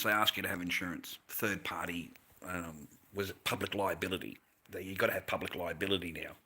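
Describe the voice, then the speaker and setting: A man's voice: on the low side, sharp tone, breathy edge. A middle-aged man, chatting casually to his livestream audience in a blunt, profane, rambling way with frequent laughs. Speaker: livestream host.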